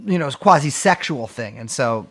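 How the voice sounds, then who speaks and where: Animated, sardonic podcast host. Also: male voice, medium pitch, moderate pace. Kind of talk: casual podcast chat.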